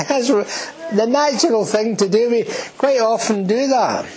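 A man's voice: very high-pitched, slow pace, darkish tone, low-quality recording. A man preaching a sermon in church, earnest and emphatic, who repeats key words and asks his listeners questions.

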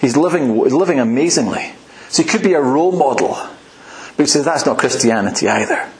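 A man's voice: medium pitch, animated, brisk, roomy sound, poor audio. A man preaching a sermon in a church, telling stories in a conversational, rambling way with restarts. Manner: conversational, anecdotal, with frequent restarts and fillers.

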